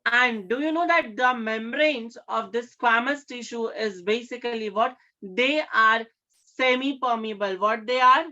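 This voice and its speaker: A woman science teacher giving a classroom lecture, often pausing to check in with her students and repeating key terms. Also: fairly high pitch, bright, forceful tone, muffled recording. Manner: keeps checking with questions, repeats key words.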